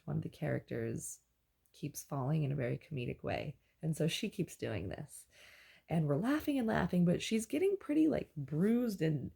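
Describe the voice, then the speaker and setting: A woman talks through a dream in a loose, rambling way, full of ums and restarts. Her voice is low, gravelly and a little husky. She perks up whenever the story excites her. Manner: rambling, halting with fillers and restarts. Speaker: dream journaler. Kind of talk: casual spoken dream recounting.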